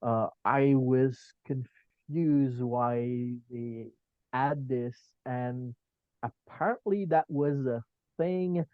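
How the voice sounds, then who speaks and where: A man's voice: medium pitch, very slow, no room sound, narrow, tinny audio. A man talking as a podcast guest in casual chat, hesitant and hedging, with many filler ums.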